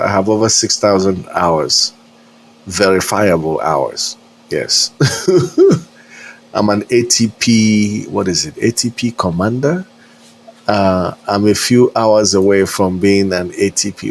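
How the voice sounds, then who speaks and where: A man's voice: on the low side, slight background noise. A man streaming a flight simulator, chatting casually in a rambling, hesitant way and chuckling often. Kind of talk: casual live-stream chat.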